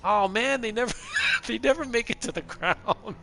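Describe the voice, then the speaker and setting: Gravelly chatty man streaming a game. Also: extremely high pitch, moderate pace, pushed and bright, a little hiss or hum. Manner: chatty, rambling, laughs often. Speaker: gameplay streamer. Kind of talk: casual gameplay commentary.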